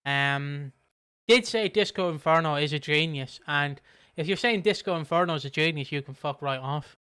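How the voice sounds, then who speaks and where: A man's voice: a little high, moderate pace, sharp tone, clean tone. A man co-hosting a casual podcast, rambling and joking with lots of fillers and swearing. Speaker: podcast co-host. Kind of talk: casual chat.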